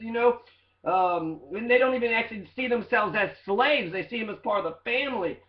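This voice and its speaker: A man's voice: sits high, lively intonation, normal speed, reverberant, muffled recording. A man in training to be a teacher talks loosely and rambles through quotes, with plenty of fillers and profanity. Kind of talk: casual monologue reading quotes.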